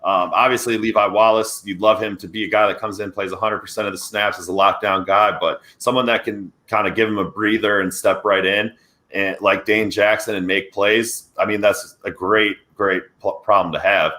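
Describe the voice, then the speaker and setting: A man's voice: on the low side, moderate pace. A man co-hosting a sports podcast, chatting casually and energetically as he breaks down football. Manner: energetic, conversational football analysis. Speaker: podcast co-host.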